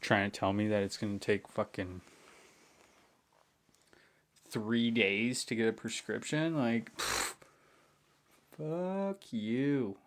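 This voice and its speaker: Annoyed young male vlogger, unhurried, cursing, venting about his day. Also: fairly low pitch. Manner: swearing, venting angrily, muttering under his breath. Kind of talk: frustrated rant to camera.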